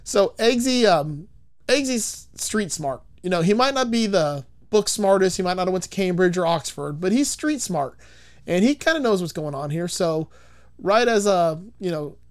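A man's voice: high voice, lively intonation, normal speed. A man casually recapping a film as a podcast host, rambling, swearing and laughing as he goes. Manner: rambling, profane, laughs often. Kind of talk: casual chat.

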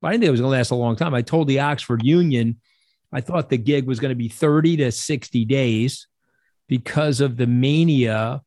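A man's voice: mid-range voice, normal speed, a little mellow, dry recording, clean studio sound. A middle-aged man telling stories as an interview guest, blunt and profane, acting out the voices of people he quotes. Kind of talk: casual interview storytelling.

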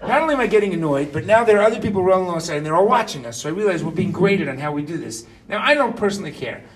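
High-voiced fifty-year-old man telling a story. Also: lively intonation, very fast, distant mic. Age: 50s. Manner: chatty, keeps asking "right?". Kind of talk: personal anecdote told to listeners.

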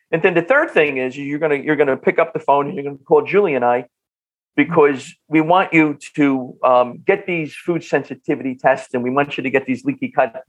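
A man with a North Jersey accent, a health practitioner guest on a podcast interview, talking in an animated way and often repeating words as he starts a sentence. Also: mid-range voice, lo-fi sound. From New Jersey.

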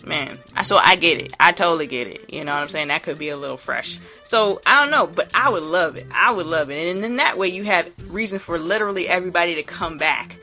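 A woman hosting a casual, profane commentary monologue in an animated way, often acting out voices. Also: lowish voice, fast, hardly any pauses, soft background music.

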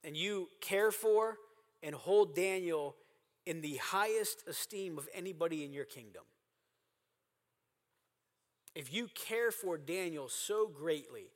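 A man's voice: fairly high pitch, animated, unhurried, in a large hall. A man preaching a sermon as pastor, earnest and emphatic, repeating phrases for stress. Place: church sanctuary.

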